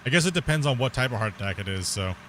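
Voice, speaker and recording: A man's voice: medium pitch, expressive, racing, a bit bright, slight background noise. A man chatting casually while streaming live gameplay, rambling, laughing often and swearing casually.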